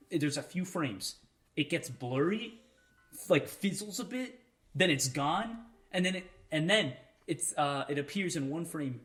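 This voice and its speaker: A man co-hosting a casual podcast chat, animated and excitable, often laughing. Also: on the high side. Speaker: podcast co-host.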